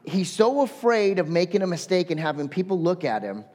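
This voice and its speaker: A male pastor delivering a sermon with a notably high voice for a man. He tells stories animatedly, acting out quotes and rattling off lists. His voice rings with a long hall reverb. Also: a little fast. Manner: storytelling with lively voiced quotes and listed words.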